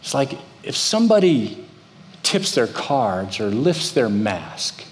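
Taking his time, a middle-aged man preaches in a church, his medium-pitched voice swinging widely in pitch. As pastor he tells stories and acts out the voices of those involved, all within a reverberant hall.

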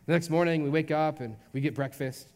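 Chatty young pastor in a reverberant hall. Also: male voice, on the high side, steady tone, brisk, a little mellow. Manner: casual, chatty, lots of "like". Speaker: youth pastor. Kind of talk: storytelling sermon.

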